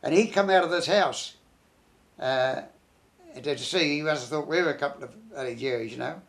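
Older veteran interviewee, gravelly fry in the voice, rambles and restarts as he recalls. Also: a little high, a bit bright. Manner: rambling, halting, many restarts and "you know". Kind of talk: reminiscing interview.

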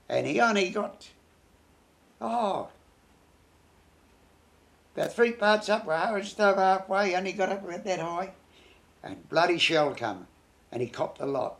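An older man, a war veteran, reminiscing in an interview in a halting, rambling way, full of restarts and tag phrases. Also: sits high, fairly bright tone. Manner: rambling, halting, many restarts and "you know".

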